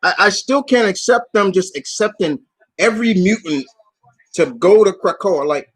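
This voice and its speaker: A man hosting a casual live Q&A stream, answering viewer questions in an animated, swearing, ranting way. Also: sits high, normal speed, slightly rough, no echo, poor audio. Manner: animated, swearing, rants with voiced asides.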